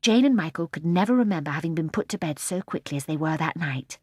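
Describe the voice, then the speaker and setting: Soft-spoken woman reading a storybook. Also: low voice, lively intonation, fast, breathy edge, no echo, studio quality. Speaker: audiobook narrator. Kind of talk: scripted storybook narration.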